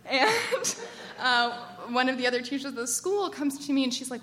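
An American woman in her twenties telling a personal story to a live audience, chatty and animated, with lots of "like" fillers. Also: sits high, a little fast. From United States. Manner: chatty and animated, frequent "like" fillers, laughs as she tells it. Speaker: storyteller at a work event.

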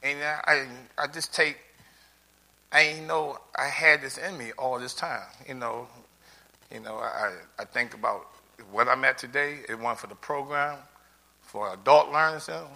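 A man's voice: mid-range voice, fairly even intonation, unhurried, vocal fry, bright, forceful tone. A middle-aged man giving an earnest, tearful testimonial, rambling with many restarts. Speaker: adult learner giving a testimonial. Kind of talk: heartfelt personal testimony speech.

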